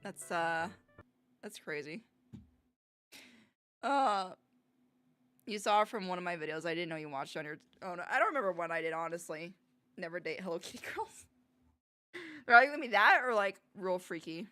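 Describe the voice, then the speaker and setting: A woman streaming live, reacting to videos in an excitable, giggly way with frequent exclamations. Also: on the low side, moderate pace, pauses often.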